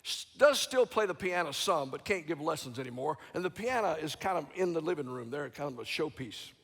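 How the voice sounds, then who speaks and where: A man preaching a sermon as guest speaker, dramatic, swinging from loud to hushed. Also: fairly high pitch, expressive, fairly quick, breathy edge. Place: large church sanctuary. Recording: long church reverb.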